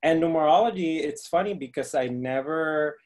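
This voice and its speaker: A man's voice: a little high, normal speed, a little mellow. A man in his thirties, a guest tarot reader on a video call, laughing often and hesitating with ums. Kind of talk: casual video chat.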